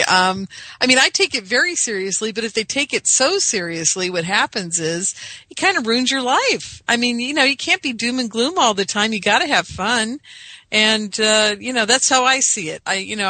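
An American woman in her fifties chats as a caller on a talk show. Her voice is bright and crisp, her manner agreeable, with lots of you-knows. The sound is dry and close. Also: on the high side, no room sound. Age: 50s. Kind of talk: casual chat.

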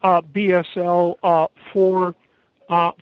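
American man, high voice, halting, emphatic, dry close sound, dull lo-fi call audio. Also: little pitch movement, clear, resonant tone, no echo. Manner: halting, emphatic, many pauses. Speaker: interview guest. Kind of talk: remote interview over a call. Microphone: internet call.

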